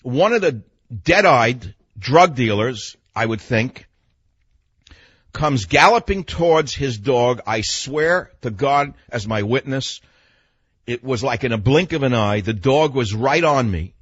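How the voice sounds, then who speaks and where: A man's voice: medium pitch, lively intonation, a little slow, a bit bright, husky, no echo, lo-fi sound. An older man from New York hosting a radio talk show, telling a story in a blunt, emphatic monologue.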